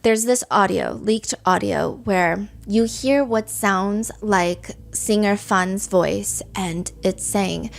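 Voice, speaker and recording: A woman hosting a podcast, telling a story in quick, animated casual chat with frequent asides. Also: medium pitch, gravelly, soft background music. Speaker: podcast host.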